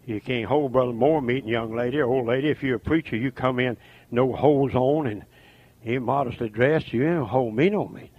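An older man preaching a fiery revival sermon, swinging from shouted, chanting runs down to low, muttered asides. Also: fairly quick, muffled recording.

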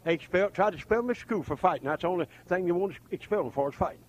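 Preacher shouting then hushing. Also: male voice, sits high, lively intonation, very fast, a little hiss or hum. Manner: swings from shouting to hushed, folksy. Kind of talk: revival sermon.

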